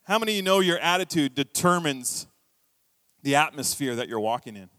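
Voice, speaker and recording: A middle-aged man preaching a sermon in a church, telling stories with lively acted-out quotes. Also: a little high, brisk, dry recording, in a large hall. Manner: storytelling, animated, acts out quoted voices. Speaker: pastor. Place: church hall.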